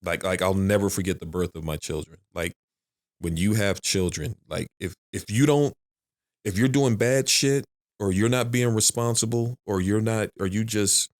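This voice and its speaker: Here is a middle-aged man with a very low, deep voice, chatting casually on a podcast. He rambles, circles back to repeat his phrases, and swears freely. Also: normal speed. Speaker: podcast guest. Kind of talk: casual chat.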